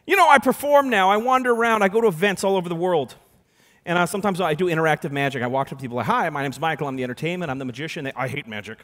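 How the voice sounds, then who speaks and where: A young adult man giving a conference keynote, telling a story with sudden loud and soft turns on a stage microphone. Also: mid-range voice, expressive, quick pace. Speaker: keynote speaker. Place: large conference hall. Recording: long hall reverb.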